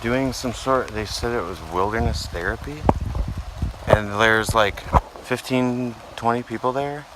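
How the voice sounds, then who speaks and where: A man's voice: mid-range voice, a little slow, background noise. An exhausted man telling a trail story to a handheld camera outdoors, swearing freely as he goes. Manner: swears freely, animated retelling with put-on quotes. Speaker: solo backpacker vlogging on the trail. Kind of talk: casual vlog storytelling. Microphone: handheld camera at arm's length.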